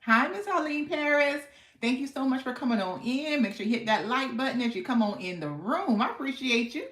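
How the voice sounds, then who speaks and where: A woman's voice: sits high, lively intonation, fairly quick, fairly bright tone, echoey room. A woman hosting a casual live stream, chatting playfully with viewers and laughing often. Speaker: livestream host.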